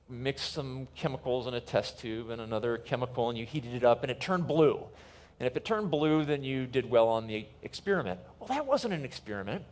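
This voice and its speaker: A middle-aged man giving a keynote talk to a live audience, emphatic and repeating key phrases slowly. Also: mid-range voice. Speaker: conference speaker.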